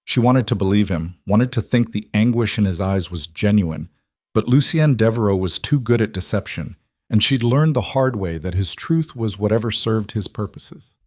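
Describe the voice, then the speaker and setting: A man narrating a dramatic story in a steady, scripted reading. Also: fairly low pitch, normal speed, dry recording, studio quality.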